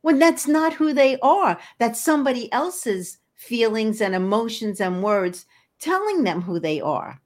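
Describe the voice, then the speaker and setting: In this casual interview, the guest is an older woman energy healer whose fairly high voice has a sing-song quality, a slightly slow pace and a darkish tone. She speaks with earnest conviction, frequently repeating words as she hunts for them.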